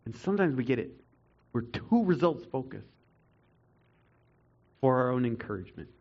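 A man preaching a sermon to a congregation, earnest, swinging between loud emphatic stretches and quiet reflective ones. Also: medium pitch, sing-song, normal speed, dull audio. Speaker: pastor.

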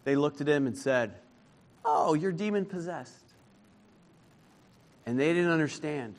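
A man preaching a sermon, slow and emphatic, rising into fervent declarations as he builds each point. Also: a little high, expressive.

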